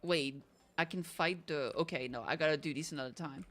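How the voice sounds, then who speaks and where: A woman streamer chatting casually and excitably while she plays, silly and self-mocking. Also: low-pitched, fairly quick. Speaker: gaming streamer. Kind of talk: casual gameplay commentary.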